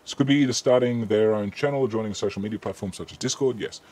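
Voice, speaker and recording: A man with an Australian accent and a deep, husky voice hosts a laid-back live-stream Q&A. He talks in a relaxed, chatty way, reading out viewers' questions and filling pauses with ums. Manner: relaxed, chatty, reads chat questions aloud with frequent ums.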